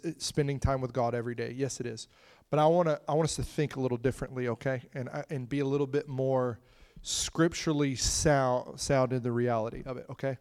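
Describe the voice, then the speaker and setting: Animated preacher man telling stories. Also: medium pitch. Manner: animated storytelling, swings from loud to hushed; conversational, laughing asides. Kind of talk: sermon.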